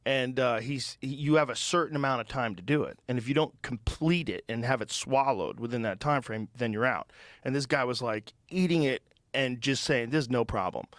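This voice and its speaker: A man's voice: mid-range voice, moderate pace, no echo, studio quality. A middle-aged man hosting a podcast, telling stories in casual, profane chat. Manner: profane, animated storytelling. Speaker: podcast host.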